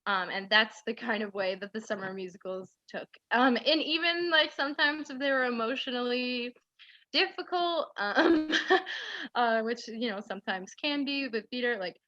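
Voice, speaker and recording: With the highs cut off, the recording captures a slightly high, sharp-toned woman speaking at normal pace. In her twenties and from central New York, this aspiring actress tells a meandering, "like"-filled story during a casual interview as a guest.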